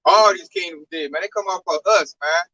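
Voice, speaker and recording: Bright-voiced man preaching, fired up. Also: sits high, brisk, muffled recording. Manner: animated, profane and preachy. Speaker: religious talk show speaker. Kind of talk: casual preaching chat.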